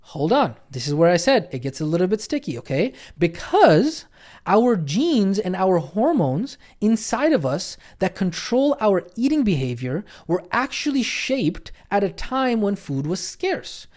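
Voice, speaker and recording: A man teaching a recorded online nutrition course as coach, energetic and chatty, often checking in with "okay?" and "right?". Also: high-pitched, unhurried. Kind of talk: recorded online training lesson.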